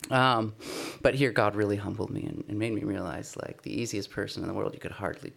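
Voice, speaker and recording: A man's voice: lowish voice, fairly quick, vocal fry, a bit bright. A man giving a conversational sermon, telling a personal testimony in an earnest, self-deprecating way. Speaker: speaker sharing a personal testimony.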